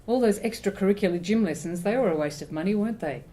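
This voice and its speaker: A woman's voice: mid-range voice, quick pace, warm tone, pitched above the performer's own voice, close to an everyday voice. A woman reading the lines of a resentful sister who needles her injured sibling. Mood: needling. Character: resentful younger sister at a hospital bed.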